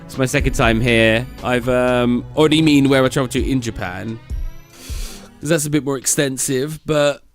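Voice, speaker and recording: A young British man chats casually with viewers on a late-night stream, reading chat aloud and rambling with lots of fillers and restarts. His voice is medium-pitched at a normal speed, with soft music in the background.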